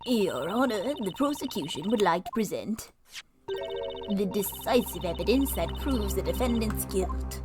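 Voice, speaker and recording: A woman's voice: medium pitch, animated, unhurried, close to an everyday voice. A woman voicing a stiff, formal male prosecutor in a courtroom scene. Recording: game music playing behind.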